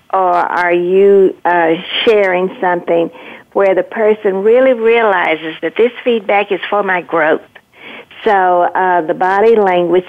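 A woman leadership coach speaks as a guest on a radio show, with a low, gravelly voice. She explains her ideas earnestly, pausing with fillers as she goes. She comes through a tinny phone line.

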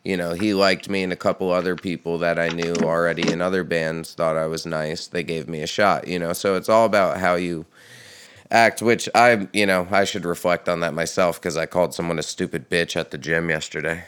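A man hosting a casual podcast chat, a profane, animated storyteller who laughs often. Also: low-pitched, a little fast, clean tone. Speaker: podcast host and touring musician.

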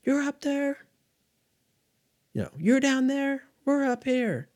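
A man's voice: very high-pitched, lively intonation, takes it slowly, a little mellow, pitched above the performer's own voice, exaggerated voice. A man doing a barking action-hero tough guy. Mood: menacing.

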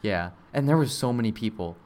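A young man chatting casually, telling an animated, rambling story with many fillers and mimicking people in high voices. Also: brisk. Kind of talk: casual chat.

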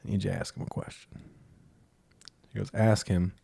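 A man's voice: low-pitched, little pitch movement, fairly quick, vocal fry, dark tone, slightly rough. A man co-hosting a podcast, casually telling a candid, self-deprecating story and acting out the lines of others. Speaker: podcast co-host.

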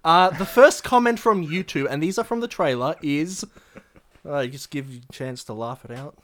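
A man's voice: a little high, normal speed, fairly bright tone. A man hosting a film podcast in casual comedic chat, with jokey, mock-dramatic delivery. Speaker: podcast host.

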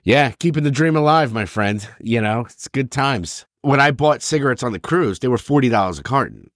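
A man in his fifties co-hosting a podcast, telling profane, animated stories and acting out the voices of other people. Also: medium pitch, a little fast, no echo, studio quality. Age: 50s. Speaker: podcast co-host. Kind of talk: casual chat.

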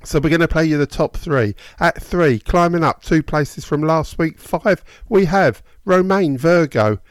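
A man hosting a reggae radio show, presenting the chart countdown in a steady, drawn-out announcer cadence. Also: a little high, dry recording, studio quality.

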